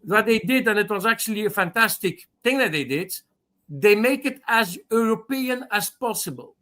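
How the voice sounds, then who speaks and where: A man's voice: sits high, expressive, normal speed, pushed and bright. A man from Belgium on a video call in a heated live debate, restarting his points and swearing. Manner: repetitive, restarts with "the thing is", swears. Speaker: call-in panelist.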